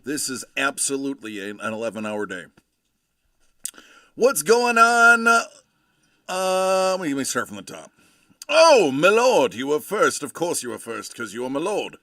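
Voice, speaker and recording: Lively, jokey man hosting a livestream. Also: mid-range voice, fairly quick, no room sound, clean studio sound. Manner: animated and jokey, greeting viewers by name. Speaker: livestream host. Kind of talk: casual livestream chat.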